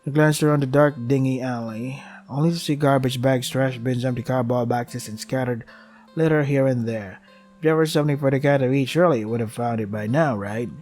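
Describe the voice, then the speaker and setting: Guy reading a visual novel out loud, deadpan, sighs, mumbles snarky little comments, middle pitch. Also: brisk, soft background music. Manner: deadpan, sarcastic muttered asides between read lines; sighs often, asides drop soft and low. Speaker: let's play gamer.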